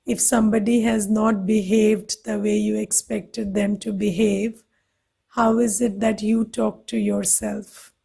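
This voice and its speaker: A woman with an Indian English accent giving a gentle, questioning meditation lesson. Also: medium pitch, level tone, measured pace, vocal fry, breathy edge. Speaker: meditation teacher. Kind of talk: spiritual talk to a class.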